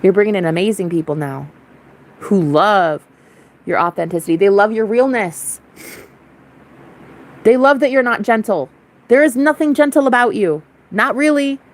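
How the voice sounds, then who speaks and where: A woman's voice: mid-range voice, lively intonation, normal speed, pauses often. A young woman vlogger ranting to camera in a casual spiritual monologue, blunt, defiant and full of swearing.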